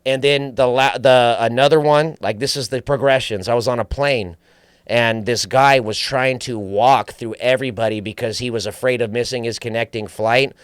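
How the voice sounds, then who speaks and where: A man's voice: mid-range voice, steady tone, normal speed, smooth, dry recording, studio quality. A man guest on a podcast, telling stories in casual chat with profanity, acting out quoted voices. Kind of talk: casual storytelling.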